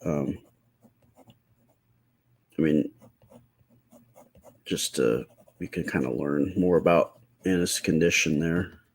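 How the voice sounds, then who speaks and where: A man hosting a live stream, chatting casually and answering viewer comments with a slightly stuffy nose and a halting, rambling way of talking. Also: very deep voice, slightly rough. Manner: rambling, halting, many fillers and restarts.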